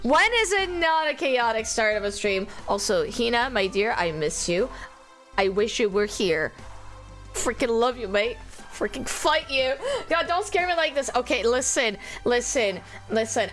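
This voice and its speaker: Young woman streamer, high bright voice, unhurried bubbly chat, sleep-deprived, faint music underneath. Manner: bubbly, laughs often, squeals when thanking viewers. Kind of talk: casual live-stream chat.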